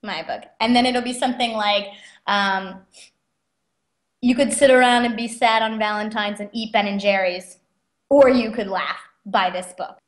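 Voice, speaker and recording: A young adult woman, a guest author, telling stories in a chatty, animated way and laughing often. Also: medium pitch, moderate pace. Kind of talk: casual interview storytelling. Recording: roomy echo.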